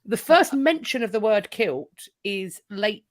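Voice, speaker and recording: A woman co-hosting a casual livestream. She halts and repeats words as she gathers her thoughts. Her pitch is middling. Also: lively intonation, unhurried. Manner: hesitant, repeats words while thinking. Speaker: livestream co-host reading chat. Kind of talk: casual chat.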